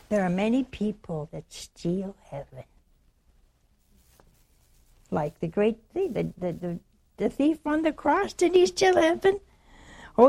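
A woman's voice: medium pitch, creaky, dark tone, husky. A woman preaching a sermon in a teasing, conversational way, acting out the stories she tells.

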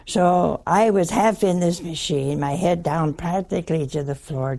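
Older nun telling a funny story slow and dry, gravelly and husky, chuckles a lot. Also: female voice, deep voice, warm tone. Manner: wry, chuckling, folksy. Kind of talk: humorous anecdotal storytelling talk.

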